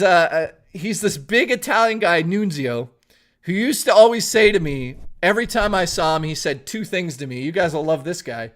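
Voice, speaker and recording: A young man from Toronto spins a rambling anecdote on his stream, his voice pitched a touch high. He is animated and swears freely, doubling back and restarting mid-sentence. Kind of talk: casual storytelling on a live stream.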